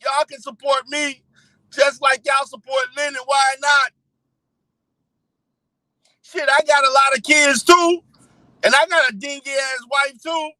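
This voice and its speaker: A man's voice: very high-pitched, fairly even intonation, measured pace, pauses often, sharp tone, dry recording, pitched above the performer's own voice, full character voice, poor audio. A man doing a whiny mock-crying pastor. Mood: indignant. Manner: mock-tearful, pleading, swearing. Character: whiny self-pitying middle-aged male pastor begging. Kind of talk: parody impression.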